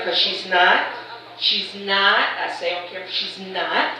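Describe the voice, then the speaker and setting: A middle-aged woman doing live stand-up comedy. She tells chatty stories and teases the crowd with quick asides. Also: high voice, fairly bright tone, slight background noise. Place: large event shed with a live audience. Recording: echoey hall, voice from far off.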